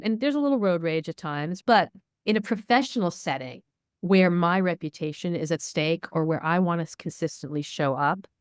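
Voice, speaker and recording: A woman's voice: fairly low pitch, darkish tone, clear, resonant tone, no echo, studio quality. A middle-aged woman, a media expert guest, answering interview questions in a candid, storytelling way. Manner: candid, storytelling, acts out dialogue.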